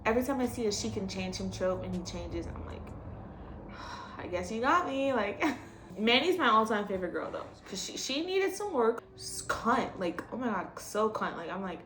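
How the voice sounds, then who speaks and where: A young woman in casual chat as a vlogger, blunt and animated, swearing freely as she rants. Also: medium pitch. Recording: echoey room with faint noise.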